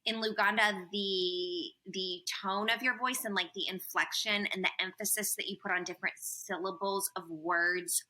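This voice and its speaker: A woman guest on a podcast interview, telling stories in an animated way with "um" and "man" fillers. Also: mid-range voice, low-quality recording. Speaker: podcast guest, former missionary. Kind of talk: casual interview storytelling.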